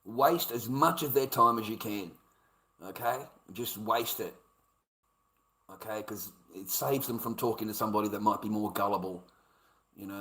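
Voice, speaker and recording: With a lowish, slightly bright voice, this Australian man vlogs in a casual monologue that's blunt and full of profanity. He drives his points home through repetition, and the audio quality is poor.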